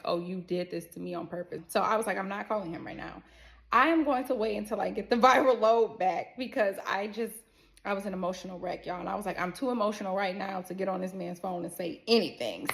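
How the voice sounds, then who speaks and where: Woman w/ a bit of a gravelly voice telling her story to the camera, animated, acts out everyone, cusses a lot. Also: mid-range voice. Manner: animated, acts out quoted people, swears freely. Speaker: storyteller sharing a personal health scare. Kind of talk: casual storytelling to viewers.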